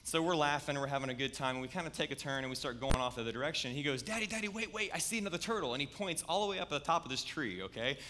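A man's voice: medium pitch, racing, hardly any pauses, bright, forceful tone, slight background noise. A man, preaching a sermon in a conversational, storytelling way. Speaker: pastor.

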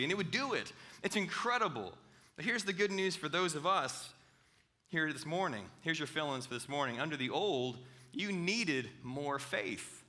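A male pastor giving a conversational sermon, acting out quoted dialogue with lively, animated delivery. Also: high voice, moderate pace.

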